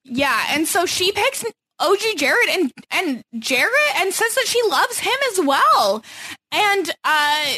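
A woman's voice: extremely high pitch, very animated, slow, bright, forceful tone, dry recording. A woman co-hosting a podcast, recapping a reality show with emphatic, blunt opinions. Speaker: podcast co-host.

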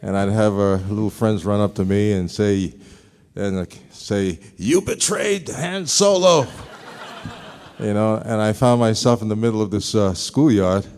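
A man answering fan questions as a guest on stage, pausing often with "uh" and chuckling as he tells stories. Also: lowish voice, little pitch movement, mellow, clear, resonant tone. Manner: halting, many "uh"s, chuckles often. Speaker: celebrity guest on a fan panel. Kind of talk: casual stage Q&A. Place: large half-full stadium stage.

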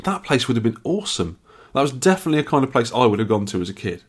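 A podcast co-host tells a long, rambling story in casual conversation, his medium-pitched, husky voice sing-song and rapid-fire. He's chatty and keeps restarting, and he's tired and yawning from lack of sleep.

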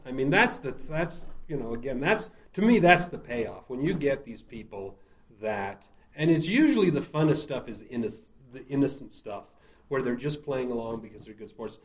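A man's voice: medium pitch, normal speed. Guy telling funny stories about his murder mystery shows, laughs a lot, trips over his words. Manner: animated, laughs often, frequent restarts. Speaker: murder-mystery show writer and performer. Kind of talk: casual storytelling interview.

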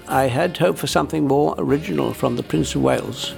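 A man doing an impression of an aristocratic old duke, reciting his memories in a measured, formal way. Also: medium pitch, vocal fry, faint music behind. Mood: reminiscing. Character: aristocratic old British duke recalling a meeting.

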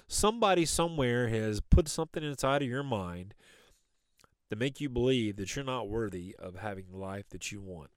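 A man hosting a motivational podcast, urging listeners on with rapid strings of rhetorical questions. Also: fairly low pitch, no echo. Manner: exhorting, repetitive rhetorical questions. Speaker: podcast host and coach.

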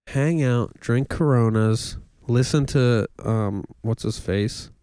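A man co-hosting a podcast in casual chat, joking around in a playful deadpan way. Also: mid-range voice, takes it slowly, clean tone, dry recording, clean studio sound. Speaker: podcast co-host. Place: houseboat cabin.

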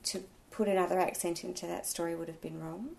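A woman's voice: fairly low pitch, fast, creaky. Chatty woman reviewer. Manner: chatty, opinionated, animated. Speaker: audiobook reviewer and blogger. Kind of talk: casual interview chat.

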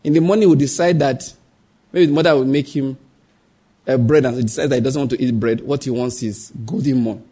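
A man's voice: mid-range voice, steady tone, fairly quick, dark tone, husky. A man preaching a sermon, asking the congregation rhetorical questions, acting out the voices in his stories and telling tales of his own family. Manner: acts out quoted voices. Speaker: pastor.

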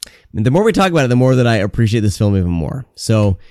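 A man's voice: mid-range voice, very animated, rapid-fire, warm tone, no room sound. A man co-hosting a horror film podcast in loose, joking casual chat with frequent fillers, on a close podcast mic. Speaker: podcast co-host.

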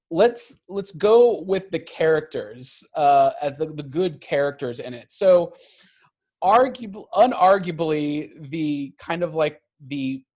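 Animated, laughing man reviewing a film. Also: fairly high pitch. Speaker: podcast co-host. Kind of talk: casual movie review chat.

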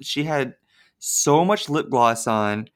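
A man's voice: medium pitch, lively intonation, slow. A man co-hosting a podcast in casual chat, telling stories loosely with lots of filler words. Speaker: podcast co-host.

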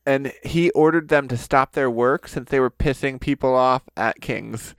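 A man's voice: mid-range voice, moderate pace, fairly bright tone, clean tone, no echo. Giggly man co-hosting a comedy podcast. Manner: giggly, lots of laughing. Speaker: podcast co-host. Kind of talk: joking history chat.

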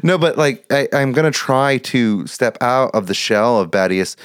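A man's voice: mid-range voice, expressive, moderate pace, clean tone, no echo. Guy rambling on a headset mic, keeps restarting, laughs a lot, dry sound. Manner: rambling, self-interrupting, laughs often. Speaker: tabletop game player. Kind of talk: casual podcast chat. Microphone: headset microphone.

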